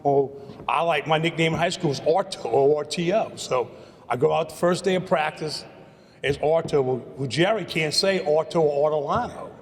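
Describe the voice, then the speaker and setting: Late-50s man, slightly high voice, rambling podium speech, long hall reverb. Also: moderate pace. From Louisiana, USA. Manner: rambling, repeats words, storyteller. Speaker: hall of fame inductee. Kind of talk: acceptance speech.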